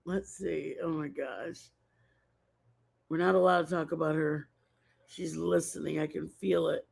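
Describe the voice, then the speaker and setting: Chatty gravelly-voiced woman livestreamer. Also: low voice. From Mexican family background. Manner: rambling, chatty, repeats herself. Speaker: livestream host. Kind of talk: casual chat with live viewers.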